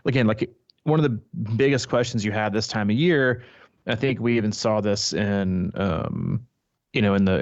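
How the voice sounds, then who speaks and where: A man with a lowish voice talks loosely as a triathlon coach, circling back and restarting his sentences. The recording is dry and a bit dull, lacking top end. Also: dry recording. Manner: rambling, frequent restarts. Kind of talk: casual podcast chat.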